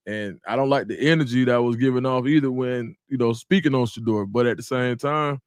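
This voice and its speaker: A man at a mid-pitched, ordinary register, hosting a relaxed livestream from a small room at home. He talks in a loose, conversational way and greets viewers by name. His voice is close and dry on a desk mic. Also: fairly quick, no echo. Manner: laid-back, talks straight to viewers, greets chat by name. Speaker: livestream host. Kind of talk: casual livestream chat.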